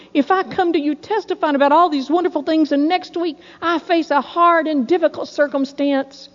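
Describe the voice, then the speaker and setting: A middle-aged woman preaching a sermon, telling folksy personal stories in a lively, storytelling way. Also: sits high. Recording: dull sound in a reverberant hall.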